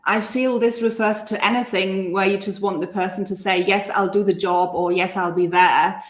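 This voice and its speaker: A woman working as a German language coach, talking through example phrases in a measured way during a casual online discussion. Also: mid-range voice, fairly even intonation. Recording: echoey room.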